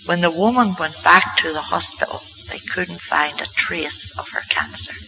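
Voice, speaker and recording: A man's voice: sits high, moderate pace, gravelly, pushed and bright, a little hiss or hum, low-quality recording. A man giving a church lecture, telling healing stories with an earnest, emphatic storytelling manner. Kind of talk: storytelling sermon talk.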